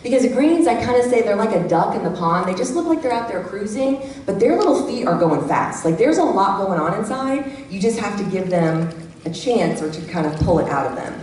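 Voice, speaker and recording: A middle-aged woman giving a lively workshop talk to a live audience, acting out the voices she quotes. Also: mid-range voice, fairly quick. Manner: animated, acts out quoted voices. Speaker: workshop speaker. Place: church hall. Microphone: handheld microphone. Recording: echoey hall from far off, faint background hum.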